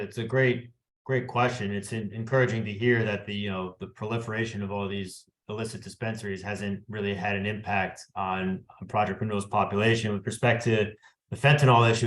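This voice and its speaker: Flat-voiced businesslike man, echoey room. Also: on the low side. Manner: measured, composed, businesslike. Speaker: business applicant. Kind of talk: formal answer at a public meeting.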